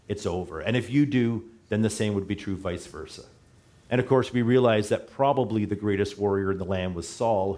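A man's voice: lowish voice, a little mellow. A middle-aged man preaching a sermon in a church, talking conversationally and correcting himself as he goes. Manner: conversational, self-correcting, chuckles at slips. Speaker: pastor.

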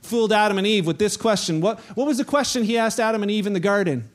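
A man's voice: high-pitched, quick pace. A man preaching a sermon, telling fishing stories and acting out the voices of the people in them. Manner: storytelling, acts out quoted voices. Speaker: pastor.

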